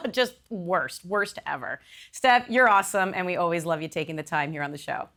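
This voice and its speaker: A woman's voice: fairly low pitch, expressive, a little fast, a bit bright. Upbeat woman sports show host. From Canada. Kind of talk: studio sports talk.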